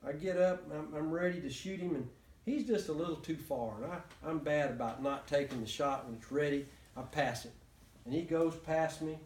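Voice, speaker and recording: A man tells a story in a loose, rambling way, stopping to restart and chuckle. His voice sits a bit high for a man. He is picked up from far off in an echoey room. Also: a little mellow, a little hiss or hum. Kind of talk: casual storytelling to a small group.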